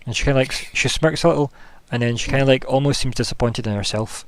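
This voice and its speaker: A man's voice: medium pitch, fast, few pauses. A man narrating as game master of a tabletop game in a casual, rambling way, with many fillers.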